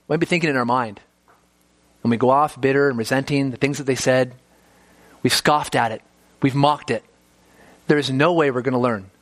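A man's voice: fairly high pitch, fairly bright tone, no echo. A man preaching an expository sermon, earnest and emphatic, piling up rhetorical questions.

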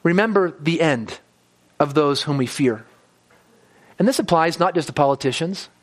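High-voiced man preaching a sermon. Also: lively intonation, moderate pace. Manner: earnest preaching, building to emphatic peaks then dropping low. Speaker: pastor.

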